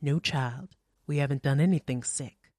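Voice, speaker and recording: A woman reading the lines of a stern, calm older mother who leads a séance, speaking softly, clearly and without hurry. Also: sits low, no room sound, clean studio sound, lightly acted. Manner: soft, clear and unhurried.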